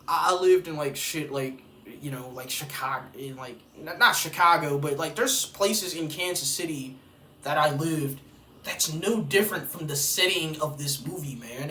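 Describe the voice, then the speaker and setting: A man's voice: a little high, sharp tone. A man ranting casually about a horror film as a vlogger, profane and rambling as he tells the story. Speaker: vlogger reviewing horror films. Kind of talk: casual movie-review rant. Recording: roomy, distant mic with faint noise.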